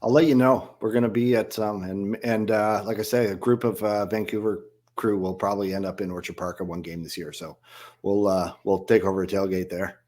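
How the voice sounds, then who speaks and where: A man's voice: on the low side, fairly even intonation, fairly quick, darkish tone. A man from Canada, president of a fan club, chatting in an easygoing way with many fillers. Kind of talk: casual chat.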